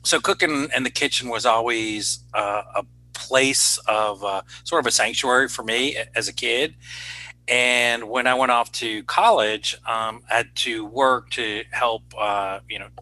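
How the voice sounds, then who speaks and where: A middle-aged man with a sharp, forceful tone tells stories from his past in a casual interview. He rambles with many fillers and pokes fun at himself, his voice sitting in an ordinary middle range. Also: medium pitch, steady tone, unhurried, low-quality recording. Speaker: cardiologist and chef, guest.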